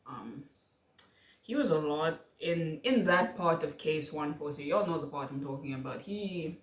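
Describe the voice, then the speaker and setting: A woman's voice: sits low, animated, measured pace. A woman reacting to music in a casual vlog, talking in a dramatic, playfully outraged, exasperated way. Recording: roomy echo.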